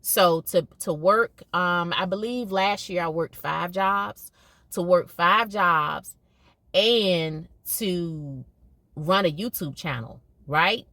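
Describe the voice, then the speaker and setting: A woman's voice: lowish voice, slow pace, bright, forceful tone, no room sound. A middle-aged woman talking casually to her viewers, emphatic and conversational, often repeating herself for emphasis. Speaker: podcast host and educator. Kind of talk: casual monologue.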